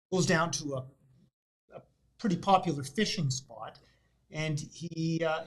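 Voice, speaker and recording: A man, a doctor and author, chatting as a guest and telling jokes as a relaxed, sometimes hesitant storyteller. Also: a little high, rough recording. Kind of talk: interview chat and joke telling. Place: office studio.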